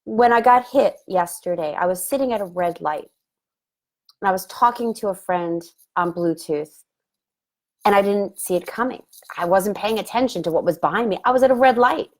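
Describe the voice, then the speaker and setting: A woman's voice: mid-range voice, normal speed. A middle-aged woman talks casually about something that happened to her, in a chatty and reflective way. She laughs often and puts on little voices when she quotes what people said. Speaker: love coach and host. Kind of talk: casual vlog storytelling.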